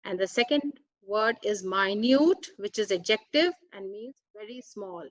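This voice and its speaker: At medium pitch, a woman slowly explains English grammar, reading out words and meanings one at a time with careful deliberation. The recording lacks room sound and is rough.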